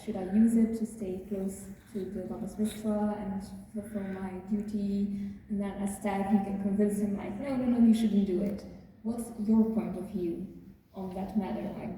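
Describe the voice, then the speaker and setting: Earnest woman with a dark voice. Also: medium pitch, slight background noise. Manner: earnest, with many fillers. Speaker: audience member asking a question. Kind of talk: asking a question at a fan panel. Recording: echoey convention hall from far off.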